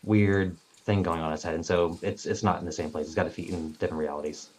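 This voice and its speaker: Man at a tabletop game, low voice, relaxed, lots of fillers. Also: fast talker. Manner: relaxed, hesitant, many fillers. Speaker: player. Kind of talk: casual tabletop game chat.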